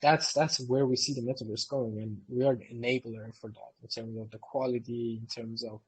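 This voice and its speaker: A man's voice: medium pitch, steady tone, a little fast, breathy edge, poor audio. A man who co-founded a company, answering community questions in a live Q&A session in an eager, explanatory way.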